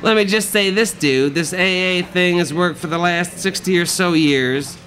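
A man's voice: high-pitched, moderate pace, a bit bright, faint music behind, pitched above the performer's own voice. A man voicing a pushy, lecturing recovery zealot who talks down to his listener. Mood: preachy. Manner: lecturing, condescending.

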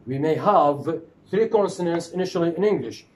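A man's voice: on the high side, animated, moderate pace, darkish tone. Man giving a lecture. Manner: repetitive, asks questions and answers them. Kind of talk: phonetics lecture. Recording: echoey room with faint noise.

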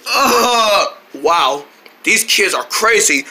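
A woman playing out a pretend story with toys, acting every character with dramatic shouting and quick voice switches. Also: medium pitch, lively intonation. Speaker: toy play narrator voicing all characters. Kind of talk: improvised toy play-acting.

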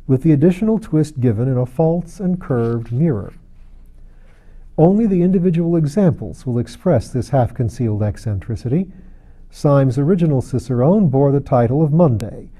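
A man narrating a classic novel as an audiobook reader, in a measured, steady storytelling manner. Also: fairly high pitch.

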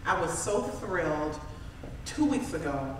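A woman gives a humorous motivational talk, telling stories on herself with self-deprecating humor and frequent laughs. Her pitch swings widely as she tells them. She is heard from a distance in a very echoey conference room, with steady ambient noise behind her. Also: unhurried. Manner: animated storytelling, self-deprecating, laughs often. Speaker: keynote speaker. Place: large conference room with live audience.

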